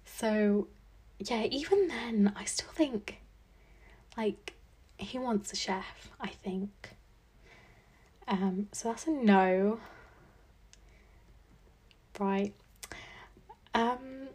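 Young woman with a husky voice. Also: mid-range voice, very slow, long pauses, darkish tone. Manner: chatty, thinking aloud with many likes and ums. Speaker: podcast host. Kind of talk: casual solo podcast chat.

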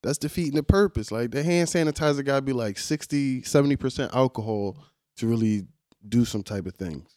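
A man's voice: medium pitch, brisk, no room sound, clean studio sound. Blunt, profane young man in casual chat. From United States. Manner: blunt, animated, profane banter.

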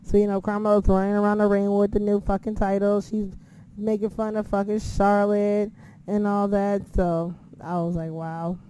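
A woman with a mellow, warm tone talks through a casual recap. She swears often and acts out her own reactions as she goes. A faint noise sits under her voice. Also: mid-range voice, flat delivery, normal speed, poor audio. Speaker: wrestling recap host.

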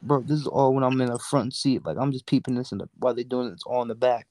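A young man in casual podcast chat, animated and laughing, acting out the people in his stories, swearing freely. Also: medium pitch, quick pace. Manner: animated storyteller, acts out voices, laughs often, swears freely. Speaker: podcast guest. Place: in a car.

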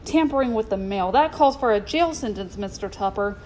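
A woman's voice: medium pitch, animated, brisk, a little mellow, a little hiss or hum, natural voice. A woman voicing a grim, forbidding circus strong man in a storybook reading, speaking sternly and with threat. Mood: angry.

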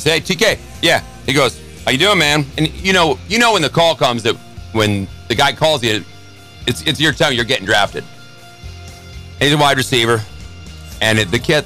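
Chatty radio co-host, a man, fast talker, sharp bright tone. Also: mid-range voice. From Chicago. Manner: animated storyteller, quick and bright. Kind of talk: casual sports radio banter.

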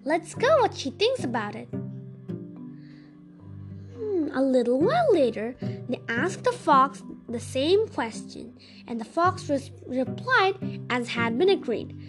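A woman reading folktales aloud as a storyteller, gentle and expressive. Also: sits high, measured pace, over music.

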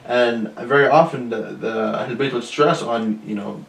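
A man's voice: mid-range voice, creaky, roomy sound, distant mic, poor audio. A young man in his twenties, a podcast guest, talking earnestly and filling gaps with "you know". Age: 20s. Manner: quick, earnest, many "you know" fillers. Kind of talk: casual podcast chat.

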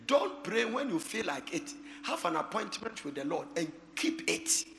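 A man preaching a sermon, moving from hushed storytelling to shouted exhortation and laughing often. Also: high voice, sing-song, normal speed, gravelly, long reverb tail. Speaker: pastor.

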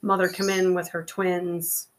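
A woman's voice: lowish voice, flat delivery, measured pace. A middle-aged woman co-hosting a casual podcast, telling meandering anecdotes full of fillers. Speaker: podcast co-host. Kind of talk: casual storytelling chat.

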